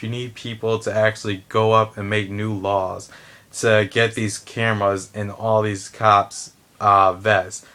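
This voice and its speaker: A man's voice: lowish voice, bright, forceful tone. A man giving a heated, blunt opinion rant to camera, swearing and restarting his sentences. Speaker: vlogger.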